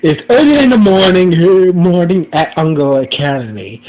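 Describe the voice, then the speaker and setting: A man's voice: high-pitched, lively intonation, normal speed, darkish tone, highs cut off. A man hosting a podcast, narrating an improvised story in a rambling, stumbling way with many restarts.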